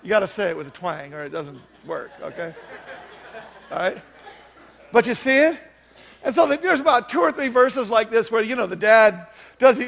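Man in his fifties, pastor, chatty sermon, high voice, gravelly edge. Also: moderate pace. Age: 50s. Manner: chatty, self-deprecating, animated storytelling.

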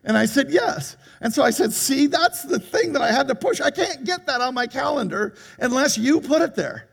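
Gravelly high-voiced older preacher. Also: male voice, fairly quick. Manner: animated storytelling with laughter. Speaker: pastor. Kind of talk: sermon. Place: church hall.

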